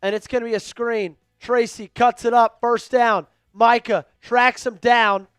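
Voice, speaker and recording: A man calls football plays live with a high, smooth, crisp voice that jumps with excitement. His mic is close and dry, with faint music under him. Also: a little slow, no room sound. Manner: excitable, hypes up viewers. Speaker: host of a team live stream. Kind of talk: live play-by-play commentary.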